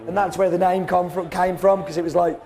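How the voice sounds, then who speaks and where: A man with a hoarse, fading voice, telling stories in a casual, self-mocking way as a podcast host. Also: high voice, flat delivery, a little fast, warm tone. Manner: chatty, self-mocking storyteller, acts out quotes. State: hoarse, voice going. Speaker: podcast host and coffee roaster. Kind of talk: casual chat.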